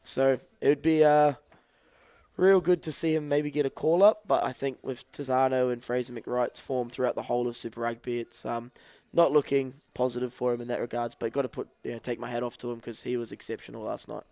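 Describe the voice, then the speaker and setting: A man co-hosting a rugby podcast, measured and analytical, talking through tactics at length. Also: medium pitch, little pitch movement, vocal fry, mellow, smooth, no echo. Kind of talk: live watch-along sports podcast chat.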